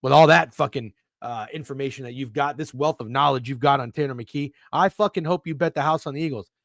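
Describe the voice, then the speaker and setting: A man's voice: mid-range voice, brisk, gravelly, fairly bright tone, dry recording, studio quality. A man hosting a sports betting live stream, ranting with heavy swearing and sarcasm while reading out chat messages. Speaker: sports betting show host.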